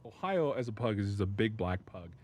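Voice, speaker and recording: A man's voice: lowish voice, expressive, brisk. A man streaming and telling a rambling dog story, laughing often and swearing freely. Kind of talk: casual chat.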